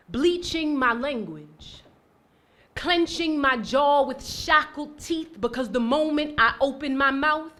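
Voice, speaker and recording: A young woman poet from Maryland, USA, with an American accent performs spoken word at an indoor live event. Her recitation is rhythmic and emphatic, while her spoken introductions are soft and hesitant, all in a high-pitched voice.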